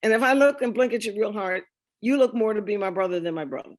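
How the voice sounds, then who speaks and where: A middle-aged woman telling her family history to an audience, lively and laughing often as she acts out the conversations. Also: mid-range voice, quick pace. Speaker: speaker sharing a family memoir. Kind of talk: storytelling talk with slides.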